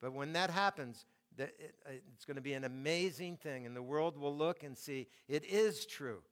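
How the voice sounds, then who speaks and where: An older male preacher delivers a sermon in a slightly high voice. He reads scripture aloud and slows down to lean on the phrases that matter most. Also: fairly bright tone, clean tone. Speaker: pastor.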